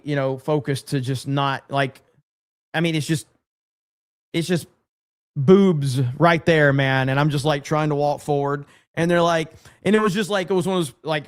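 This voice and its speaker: A man's voice: mid-range voice, smooth. A man hosting a casual live stream, rambling and reading viewer chat aloud. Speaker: livestream host.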